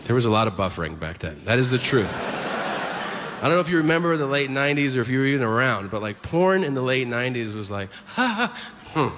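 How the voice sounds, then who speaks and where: Male stand-up comic, lively pitch swings, big reverberant hall with a noisy crowd behind him. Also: fast talker. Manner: animated, acts out characters in quotes. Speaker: stand-up comedian. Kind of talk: stand-up storytelling. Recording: reverberant hall with audience noise. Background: audience laughter.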